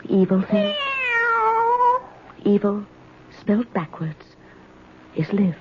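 An actress playing a frightened elderly spinster who stammers and pleads, in 1970s radio drama style, on a dull, hissy old broadcast recording. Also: female voice, mid-range voice. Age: older. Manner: stammering, pleading, talking to herself. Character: frightened elderly spinster turned out of her house.

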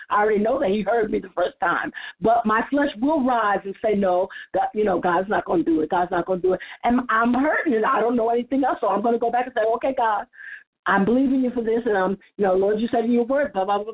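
At a church roundtable, a woman with a medium-pitched, slightly breathy voice shares her testimony in a sincere, casual manner. She often repeats words as she begins a thought. The audio sounds thin and tinny, like a phone line.

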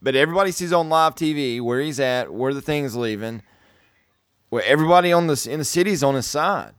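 A man co-hosts a film podcast, talking loosely and circling back over his words as he reacts to the story. His voice sits a little high for a man. The sound is dry and close, with no room around it. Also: fairly quick, fairly bright tone, smooth, no echo. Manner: rambling, repeats words, conversational. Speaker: podcast co-host. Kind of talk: casual movie review chat.

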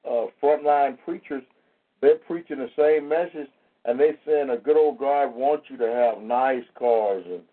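Husky man preaching on a phone line. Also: mid-range voice. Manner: stammers, repeats words. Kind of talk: preachy casual chat.

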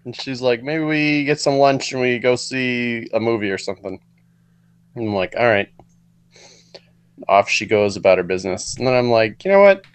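A man co-hosting a podcast, relaxed and easygoing while telling a story in a casual chat. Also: mid-range voice, normal speed, pauses often, clear, resonant tone. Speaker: podcast co-host.

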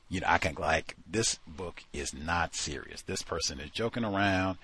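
A man with a very low, husky voice picks apart a book in a talk-show review. He sounds exasperated and sarcastic, and he leans on fillers. The sound is dry and close, with no room echo. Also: fairly bright tone. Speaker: podcast host. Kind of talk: critical book review commentary.

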